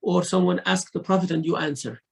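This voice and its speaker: Gravelly-voiced man teaching a sermon. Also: sits high, fairly even intonation, a little fast, low-quality recording. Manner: mixes Arabic recitation into English teaching, acts out rude and polite speech. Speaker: sheikh teaching Quran commentary. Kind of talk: religious lesson.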